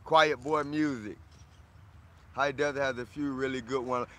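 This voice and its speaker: Loud friendly florida guy chatting on a livestream, shouting out viewers by name. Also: mid-range voice, fairly even intonation, normal speed. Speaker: livestream host reading viewer comments. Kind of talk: casual livestream chat.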